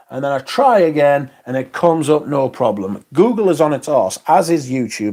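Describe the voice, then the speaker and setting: A man's voice: fairly high pitch, big pitch swings, moderate pace, a little mellow. A man hosting a livestream, chatting casually, reading out comments and swearing in exasperated asides. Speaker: livestream host.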